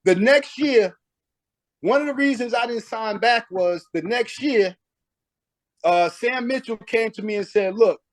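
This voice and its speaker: In a casual interview, a middle-aged former pro basketball player tells stories with emphasis, acting out past conversations. His voice is very high and unhurried, and the recording has no room sound.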